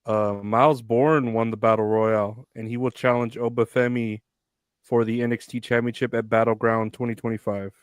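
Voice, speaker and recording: A man's voice: medium pitch, level tone, moderate pace, clear, resonant tone, no room sound. A man co-hosting a podcast in casual chat, laughing often and rambling loosely. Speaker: podcast co-host.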